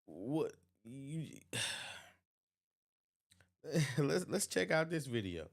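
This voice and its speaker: A man's voice: mid-range voice, sing-song, extremely slow, creaky. A man hosting his channel, giving casual reaction commentary and laughing often between remarks. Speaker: channel host.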